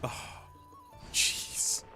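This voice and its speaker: A man's voice: extremely slow, music in the background. Chatty male game streamer. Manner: chatty, rambling. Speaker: let's play streamer. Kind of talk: casual gameplay commentary.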